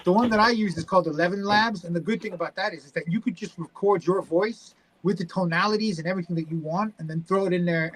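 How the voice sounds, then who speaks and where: A man's voice: a little high, a bit bright, poor audio. A British man chatting casually as a podcast guest, talkative and swearing freely. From United Kingdom. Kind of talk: casual chat.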